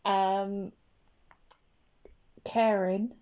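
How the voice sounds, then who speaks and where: A woman's voice: mid-range voice, level tone, extremely slow, smooth. A woman co-hosting a podcast in casual chat, giggly and teasing, on a dull lo-fi recording. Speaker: podcast co-host.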